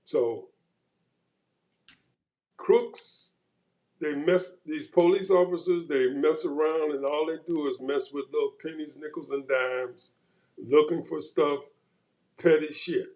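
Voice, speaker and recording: A man in casual conversation, retelling a run-in with police in an animated way and acting out the quoted exchanges. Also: on the high side, slow, long pauses, rough recording.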